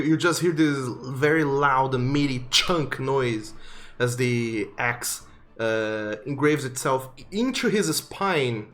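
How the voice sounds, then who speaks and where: A man running a tabletop game describes the action vividly, pausing often on fillers and restarts. His voice sits at a middling pitch over faint background music. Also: fairly bright tone. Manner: vivid, halting narration with fillers. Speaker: game master.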